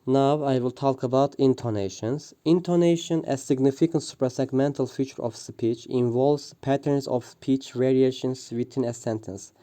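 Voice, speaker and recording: Halting man, very dark voice. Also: mid-range voice. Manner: hesitant, frequent "uh" fillers and restarts. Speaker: student presenter. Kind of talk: reading a prepared linguistics presentation.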